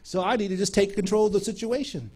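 High-voiced man telling a sermon story. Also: quick pace. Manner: animated storyteller acting out dialogue. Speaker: preacher.

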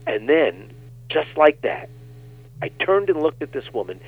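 A man, a guest minister, telling animated stories on a talk show and acting out the quotes. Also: a little high, unhurried, husky. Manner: animated storyteller, acts out quotes. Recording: tinny phone line.

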